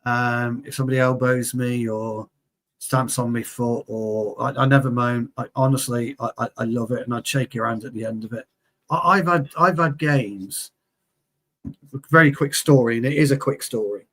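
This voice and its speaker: A man's voice: mid-range voice, moderate pace. A man, a former player co-hosting a heated, sweary football chat and telling stories from his playing days. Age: 40s. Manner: sweary, animated, storytelling.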